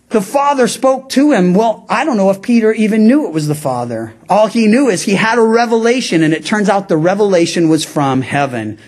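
Conversational male pastor teaching scripture. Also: high voice. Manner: conversational, frequent "well" asides, acts out quoted lines. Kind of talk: expository Bible teaching sermon.

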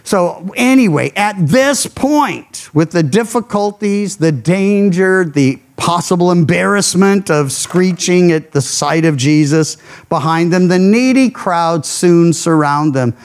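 A man's voice: high voice, expressive, takes it slowly. A man preaching a radio sermon, teaching through a Bible passage in a conversational, folksy storytelling way with casual asides. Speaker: pastor.

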